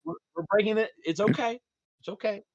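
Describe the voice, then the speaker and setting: A man as a podcast guest in casual chat, animated and profane, laughing often. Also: sits high, brisk, highs cut off.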